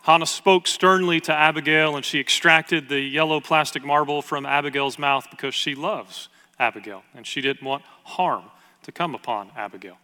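A man in his thirties, a pastor telling a family story in a conversational sermon with emphatic pauses. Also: fairly high pitch, pushed and bright. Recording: long reverb of a church hall.

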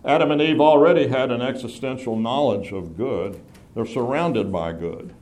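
A man teaching a Bible class, explaining scripture in a measured way and stressing key phrases. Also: mid-range voice, darkish tone.

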